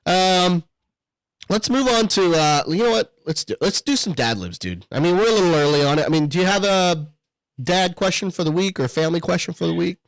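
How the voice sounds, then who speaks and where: Laid-back swearing podcast dad. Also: male voice, high voice, lively intonation, brisk, dry recording. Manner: rambling, swears, laughs often. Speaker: podcast co-host. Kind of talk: casual chat.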